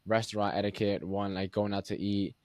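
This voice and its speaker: A man's voice: on the low side, level tone, a little fast, darkish tone, no room sound. A young man hosting a casual interview, talking loosely with many fillers into a close mic. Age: young adult. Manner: loose, filler-heavy, says "like" often. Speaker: podcast host.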